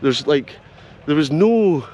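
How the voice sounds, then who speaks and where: A Scottish man hosting a casual travel vlog outdoors, narrating excitedly and joking as he walks around a festival campsite. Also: fairly high pitch, slow, highs cut off. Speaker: vlogger host. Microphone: handheld camera. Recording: outdoor camera audio with steady noise.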